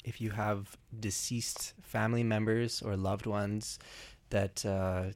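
A man co-hosting a casual studio chat, speaking in a hesitant, halting way. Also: fairly low pitch, flat delivery, no echo. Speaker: radio co-host. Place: radio studio.

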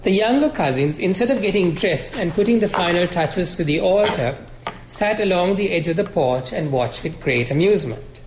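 A male author reading his fiction aloud in a measured, expressive way at a college lecture. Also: on the high side, reverberant, slight background noise, poor audio.

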